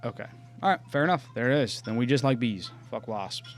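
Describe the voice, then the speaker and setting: A young man co-hosting a podcast, casually chatting, laughing often and swearing as he tells animated stories. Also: mid-range voice, brisk, faint music behind. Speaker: podcast co-host. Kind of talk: casual chat.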